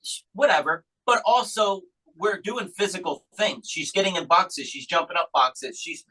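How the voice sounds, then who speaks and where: A man's voice: high voice, normal speed, sharp tone, husky, poor audio. A man hosting a podcast, casually chatting and prompting his guest with eager reactions. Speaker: podcast host. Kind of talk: casual interview chat.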